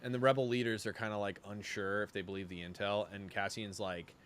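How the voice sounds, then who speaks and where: With a fairly low voice and a slightly fast pace, this podcast co-host animatedly retells scenes, swearing often and leaning on fillers in casual conversation. There's slight background noise.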